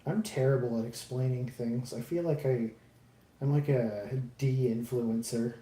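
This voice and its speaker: Live streaming his model kit build, a man chats unhurriedly with viewers in a warm, mid-range voice. He rambles, mocks himself, and swears freely, and the room echoes with faint background noise.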